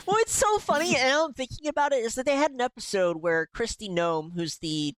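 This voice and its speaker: A man's voice: very high-pitched, animated, a little fast, fairly bright tone, dry recording. A man from Florida co-hosting a podcast, bantering loosely and swearing as he jokes. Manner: loose, profane, joking. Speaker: podcast co-host. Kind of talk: casual banter.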